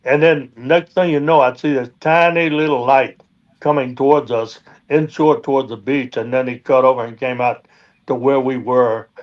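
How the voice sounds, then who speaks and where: A man's voice: medium pitch, fairly even intonation, normal speed, dull audio. A man, a guest on a live stream, telling boat stories in a rambling way with many fillers. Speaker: guest, dredge boat owner. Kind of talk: casual storytelling.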